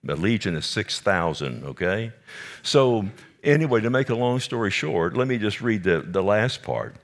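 Male preacher, lower voice, emphatic sermon delivery that talks straight to the room. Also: expressive, normal speed. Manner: emphatic, repeats words for effect, addresses listeners directly.

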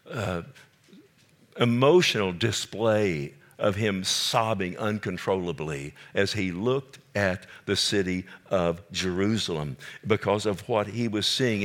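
A man with a low voice delivering a sermon as a pastor. He teaches steadily, then climbs into fervent, raised preaching, checking in with his congregation as he goes. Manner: builds from calm teaching to fervent, rising preaching; asks the congregation for responses like "Amen?".

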